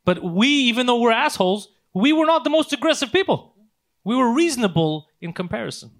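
Fast-talking profane man telling stories. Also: very high-pitched. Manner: fast, profane, animated storytelling. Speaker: podcast host. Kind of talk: casual storytelling chat.

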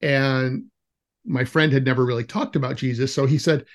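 A man's voice: medium pitch, normal speed. A man podcast host telling stories with a laugh. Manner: laughs often, animated when retelling stories. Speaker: podcast host interviewing an educator. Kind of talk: casual conversational storytelling.

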